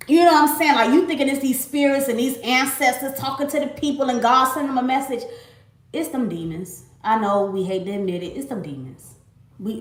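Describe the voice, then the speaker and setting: A woman in her late twenties from Miami, giving an emphatic, repetitive faith testimony on a casual livestream and calling her viewers y'all. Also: high-pitched. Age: late 20s. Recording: roomy echo.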